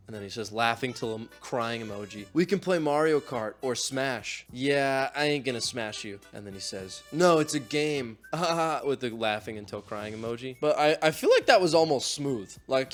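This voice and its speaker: A goofy self-styled doctor-professor advice host, played by a man, reads cringe posts aloud in a sarcastic, mock-professional tone. His pitch sits in the middle, and faint background music plays under him. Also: fairly bright tone, lightly acted. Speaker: comedy YouTuber playing a mock doctor host. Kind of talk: comedic commentary on social media posts.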